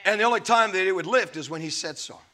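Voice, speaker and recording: A man preaching a sermon, with dramatic swings between loud and soft delivery, acting out the scripture quotes as he goes. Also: sits high, fast talker. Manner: laughs between points. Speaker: pastor.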